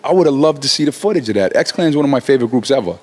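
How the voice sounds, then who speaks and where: Racing along in a mid-range voice, the forties-aged rapper swears his way through a casual interview, animated and repeatedly starting his sentences over.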